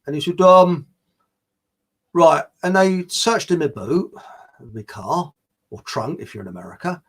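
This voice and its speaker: A chatty man with a husky, slightly raised voice that swings up and down expressively as he talks. He rambles casually between stories and viewer comments, full of fillers and restarts. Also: on the high side, sing-song, a little slow. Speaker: livestream host reading viewer comments. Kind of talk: rambling casual chat with anecdotes.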